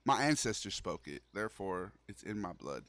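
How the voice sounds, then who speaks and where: A man's voice: low-pitched, very animated, moderate pace, a bit bright, dry recording. A young man streaming a horror game, chatting casually and loosely with his viewers, full of slang. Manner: loose, slangy, calls the audience "bro". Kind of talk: casual gaming livestream chat.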